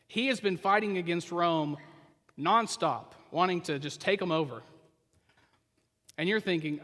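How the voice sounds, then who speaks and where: A male pastor preaching a sermon, retelling the story as if the listener were there and dropping to quiet asides. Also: fairly high pitch. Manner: storytelling, puts the listener into the scene. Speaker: senior pastor. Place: church sanctuary. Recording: reverberant church hall.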